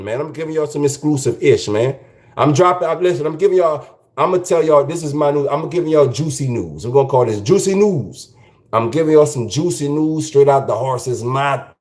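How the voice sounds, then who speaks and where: A man's voice: medium pitch, darkish tone, reverberant. A man with a South Louisiana Creole accent hosting a podcast, talking loosely and rambling, dropping in Creole French phrases. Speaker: podcast host. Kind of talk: casual commentary monologue.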